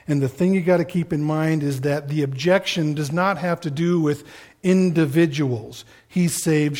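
A middle-aged man preaching a sermon as pastor, animated and acting out the voices of the people he quotes. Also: fairly high pitch.

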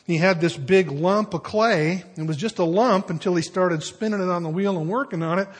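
A man's voice: sits high, moderate pace, husky. An older man, a pastor, preaching a sermon to his congregation with folksy storytelling and conversational asides.

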